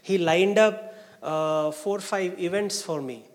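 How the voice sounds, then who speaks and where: A man with an Indian English accent and a high-pitched voice gives a personal testimony in storytelling form, speaking slowly. He is animated and acts out the people he quotes, and a long hall reverb hangs on the recording.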